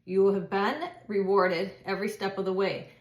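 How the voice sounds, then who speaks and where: A woman's voice: mid-range voice, steady tone, moderate pace. Chatty woman tarot reader, echoey room. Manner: chatty, repeats and restarts, laughs, swears. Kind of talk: casual tarot reading monologue.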